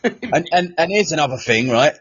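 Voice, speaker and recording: A man's voice: fairly high pitch, normal speed, breathy edge, highs cut off. A man co-hosting a casual podcast, ranting with lots of swearing and mockery. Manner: animated ranting, sweary, mocking. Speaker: podcast co-host. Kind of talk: casual banter.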